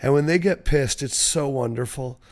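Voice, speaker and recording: A young man chatting about sports on a podcast, full of animated stories and casual swearing. His voice sits at an everyday middle pitch. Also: normal speed. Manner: animated storyteller, swears freely.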